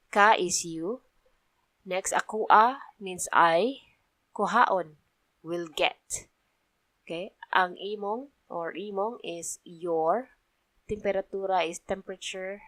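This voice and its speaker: A woman with a Cebuano accent teaching a slow vocabulary lesson, patiently explaining each word and often checking with "okay?". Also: fairly low pitch, a bit bright, no room sound. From Philippines. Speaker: language teacher.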